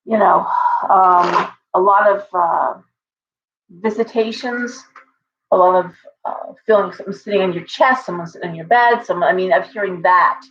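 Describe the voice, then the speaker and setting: A woman's voice: lowish voice, normal speed, fairly bright tone, dull audio. A woman hosting a casual livestream from home, chatting in a rambling way with viewers and her pet bird. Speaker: livestream host and tarot reader.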